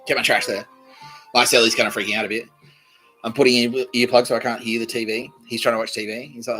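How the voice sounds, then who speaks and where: A man's voice: fairly low pitch, quick pace, pushed and bright, soft background music. A man hosting a podcast, telling a long story in a rambling, profane, repetitive monologue. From Australia. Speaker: podcast host.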